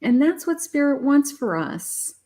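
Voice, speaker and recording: A woman's voice: high-pitched, big pitch swings, measured pace, warm tone. A middle-aged woman, a psychic, giving a live tarot reading to her viewers in an emotional, uplifting way, with repeated affirmations.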